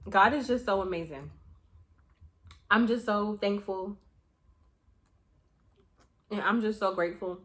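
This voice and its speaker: A young adult woman vlogger chatting casually to her viewers, telling a story in an animated way with slang and swearing. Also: mid-range voice, takes it slowly, pauses often. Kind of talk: casual chat to camera.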